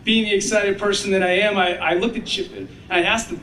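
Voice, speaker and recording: A man giving a graduation speech as the guest speaker, telling stories in an animated way and acting out the children's voices. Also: high voice, brisk, a little hiss or hum. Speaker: commencement speaker. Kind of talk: ceremonial speech with storytelling. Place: graduation ceremony. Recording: echoey sound from far off.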